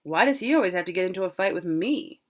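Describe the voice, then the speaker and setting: A woman's voice: on the low side, lively intonation, quick pace. A woman voicing a proud, cocky young man, the older brother home from college.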